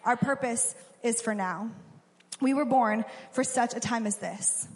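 Woman, young adult, casual sermon, lively quoted asides, reverberant room. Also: high voice. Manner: casual, conversational preaching with acted-out quotes. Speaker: preacher. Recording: long hall reverb.

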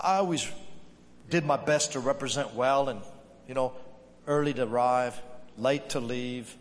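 A man's voice: mid-range voice, a little hiss or hum. A man preaching a sermon as pastor, telling a workplace story and lifting his voice when he quotes others. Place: church sanctuary. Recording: echoey hall with music behind.

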